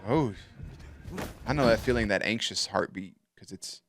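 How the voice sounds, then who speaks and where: A man's voice: lowish voice, normal speed, fairly bright tone. A man hosting a reaction video, swearing and laughing as he comments on a show. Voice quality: profane, laughs often.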